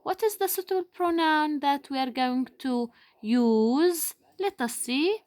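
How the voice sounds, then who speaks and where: A young woman teacher giving a patient, deliberate lesson to young children, stretching out key words for emphasis. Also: high-pitched, animated, darkish tone, dry recording. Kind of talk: slow, deliberate classroom explanation.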